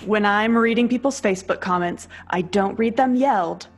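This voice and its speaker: An earnest, self-aware woman explains a personal habit in a relaxed group conversation. Her voice sits in a middle pitch. Soft music plays faintly underneath. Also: normal speed. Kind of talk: reflective conversation.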